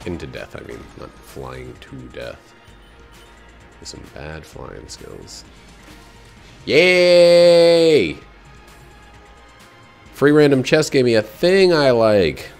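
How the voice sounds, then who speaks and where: A man casually commenting while he streams a video game, rambling, joking and breaking into excited outbursts. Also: sits low, a little slow, vocal fry, soft background music. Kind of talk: casual let's-play commentary.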